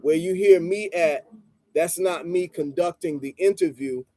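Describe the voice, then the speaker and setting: A man telling a story in a casual monologue, rambling and repeating "you know" and "blah, blah", calm and measured. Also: on the high side, dry recording. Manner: calm and measured, stresses listening before responding. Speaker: channel host and street vendor.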